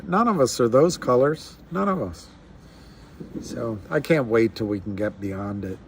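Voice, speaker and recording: A man chats through a casual live stream, rambling and restarting his sentences as he thinks aloud. He speaks at a slow, unhurried pace in a middle-pitched voice, over a faint background hiss. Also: animated. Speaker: livestream host. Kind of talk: casual livestream chat.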